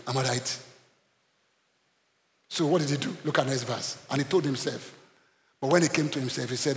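A male pastor preaching a sermon in an animated way, bursting into shouts, repeating himself and calling out to the congregation. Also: on the high side. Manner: addresses the congregation with call-and-response. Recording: long reverb of a large hall.

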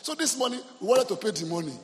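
A man with a Nigerian accent preaching a sermon, telling a story in an animated way and mixing in Yoruba phrases. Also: high voice, rapid-fire, big-room sound. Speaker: pastor. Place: church hall.

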